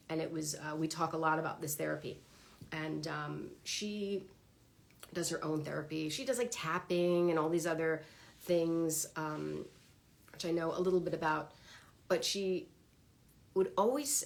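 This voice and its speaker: A woman with a low voice that has a gravelly, fry-tinged edge, speaking in a casual livestream monologue. She is chatty and animated, often acting out her own inner thoughts as quick little exchanges. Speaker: vlogger sharing her therapy experience. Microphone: phone or webcam on a livestream.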